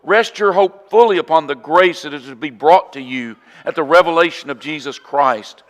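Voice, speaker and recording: A male preacher with a Southern US accent, his voice sitting a little high for a man. He preaches earnestly and with emphasis, then drops suddenly to a hushed tone. Each line trails into the long reverb of a church hall. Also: normal speed. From southern United States. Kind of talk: sermon. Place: church auditorium.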